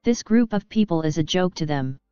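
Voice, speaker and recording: A woman's voice: fairly low pitch, expressive, a little fast, dark tone, clear, resonant tone, no room sound, natural voice. Woman reading as a gloating villain leader. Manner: mocking, gloating. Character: gloating male villain leader, mocking and cruel. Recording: dull lo-fi audio with faint music.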